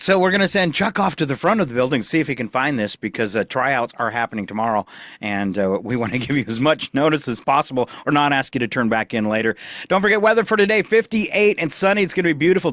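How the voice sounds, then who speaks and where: A man's voice: on the high side, animated, fast, fairly bright tone, no echo. A man hosting a morning radio show, reading news and weather in an easygoing way at a studio microphone. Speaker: radio host.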